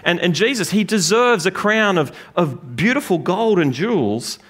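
A man preaching a sermon in a church, lively and joking with the congregation. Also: sits high, moderate pace. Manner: lively, animated preaching with jokes. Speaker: pastor. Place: church gathering room.

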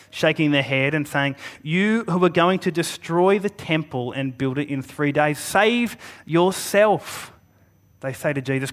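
A man preaching a Good Friday sermon in an earnest manner, pausing for emphasis and sometimes restarting a phrase. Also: fairly high pitch, fairly bright tone.

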